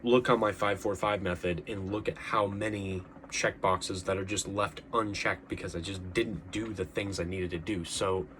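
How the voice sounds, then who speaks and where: A man's voice: low-pitched, steady tone, moderate pace, hardly any pauses, a bit bright, slight background noise. A young man talking earnestly to camera in a casual monologue, rambling with frequent restarts and fillers. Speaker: vlogger.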